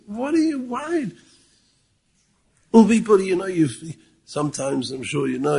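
A man's voice: high-pitched, vocal fry, darkish tone, husky. A man with a Yeshivish accent giving a Torah talk, full of rhetorical questions, quoting Hebrew sources and at times raising his voice to stress a point. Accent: Yeshivish English with Yiddish and Hebrew words. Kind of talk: Yiddish-laced Torah talk.

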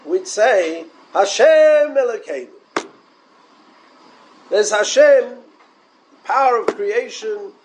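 A man giving a Torah lecture, animated and full of rhetorical questions, mixing in Hebrew and Yiddish terms. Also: very high voice, a little hiss or hum, poor audio. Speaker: rabbi.

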